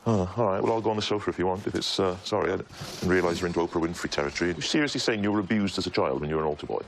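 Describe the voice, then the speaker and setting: A man's voice: sits low, racing, a little hiss or hum. A man in his forties, teasing and playful in comic banter, often talking over others. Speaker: travelling companion, impressionist. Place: hotel room and restaurant.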